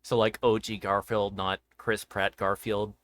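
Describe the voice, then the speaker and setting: A man hosts a relaxed, playful chat, sometimes dropping into silly voices. His voice sits somewhat low. The sound is dry and close. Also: unhurried, dry recording. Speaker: interview show host. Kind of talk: casual chat.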